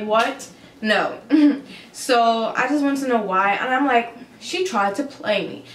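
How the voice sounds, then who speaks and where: A young adult woman vlogger recounting a story in a casual, animated, swearing, incredulous way. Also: on the high side, slight background noise. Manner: animated, profane, incredulous retelling. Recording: roomy echo with faint ambience.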